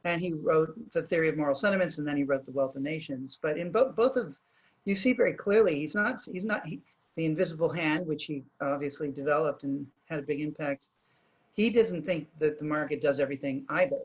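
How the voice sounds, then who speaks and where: A man with a fairly high voice hosts a video call interview, thinking aloud and often stopping to restart his sentences. His voice comes through dull and lo-fi. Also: fairly quick, husky. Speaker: host.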